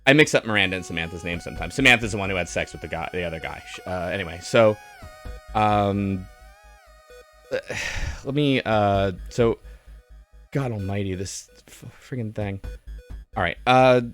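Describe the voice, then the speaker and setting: A man's voice: lowish voice, moderate pace, pauses often, a bit bright, soft background music. A man giving a casual, rambling movie review on a stream, sardonic and full of fillers and restarts.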